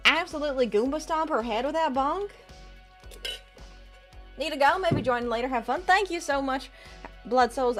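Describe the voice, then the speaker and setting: A woman's voice: high-pitched, a bit bright. A woman game streamer chatting in a chatty, upbeat way and reading chat aloud on a live stream.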